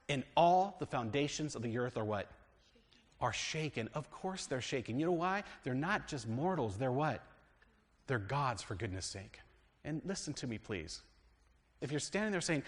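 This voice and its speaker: A man pastor with an American accent teaching a sermon and reading scripture aloud. He asks the congregation fill-in questions and swings between loud and hushed delivery. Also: medium pitch, animated, normal speed, long reverb tail. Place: church.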